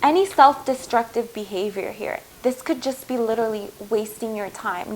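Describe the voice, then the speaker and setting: A woman's voice: on the high side, normal speed, hardly any pauses, poor audio. A woman giving a heartfelt spiritual tarot reading, earnest and reassuring, speaking to viewers as her loves. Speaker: tarot reader.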